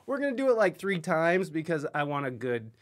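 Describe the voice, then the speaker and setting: A man's voice: a little high, sing-song, a little fast. Goofy rambling podcast host, a man. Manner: goofy, rambling, jokey with frequent laughs. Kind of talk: casual podcast chat.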